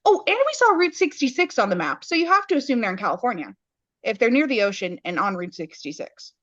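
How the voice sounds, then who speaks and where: A woman co-hosting a podcast in casual chat, recapping a story in detail with wry, deadpan asides. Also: on the high side, quick pace, no room sound. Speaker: podcast co-host. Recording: dull lo-fi podcast audio.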